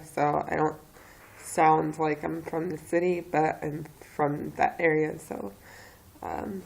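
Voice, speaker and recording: A woman's voice: low voice, vocal fry, darkish tone, poor audio. A young woman from the Philadelphia area with a southeastern Pennsylvania accent, talking casually and hesitantly while she has a cold. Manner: hesitant, halting, with many fillers. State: has a cold, a bit stuffy. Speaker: vlogger. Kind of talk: casual accent-tag video.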